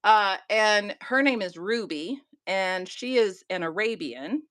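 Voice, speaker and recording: A middle-aged woman with a mild Southern accent chats on a craft livestream. She is self-deprecating and laughs often. Her voice is bright and forceful, and the recording is dry and close. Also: medium pitch, expressive, takes it slowly, dry recording. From Georgia, US. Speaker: guest crafter. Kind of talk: casual livestream chat.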